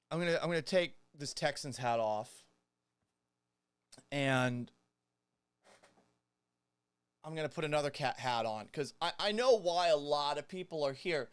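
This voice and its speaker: A man's voice: a little high, expressive, normal speed, smooth, no room sound. A man in his thirties hosting a sports podcast, talking casually in a joking, self-mocking way. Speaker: podcast host. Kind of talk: casual sports talk monologue.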